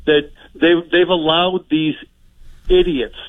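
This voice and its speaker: A man's voice: on the high side, steady tone, slow pace, no room sound. A man calling a radio show, telling a story with indignation. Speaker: caller. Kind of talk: phone-in call. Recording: tinny phone line.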